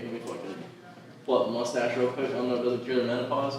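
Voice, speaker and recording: A man's voice: mid-range voice, steady tone, rapid-fire, very echoey, distant mic, rough recording. A man co-hosting a comedy podcast, telling profane stand-up stories and acting out crowd voices in casual chat. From Latin American heritage.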